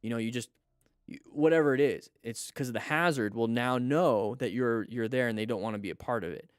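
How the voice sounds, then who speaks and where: A man hosting commentary on riding videos, coaching like an instructor. He asks questions and answers them himself, and breaks into excited exclamations at near misses. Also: medium pitch, a little fast, clean tone, dry recording. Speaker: motorcycle riding instructor and host.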